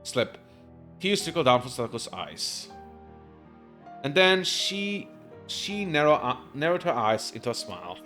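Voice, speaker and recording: A man's voice: fairly high pitch, sing-song, unhurried, pauses often, sharp tone, faint music behind. A man streaming live, reading a visual novel aloud with emotion and intensity, sometimes stumbling over words. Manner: emotional, intense, with occasional slips. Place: home streaming setup.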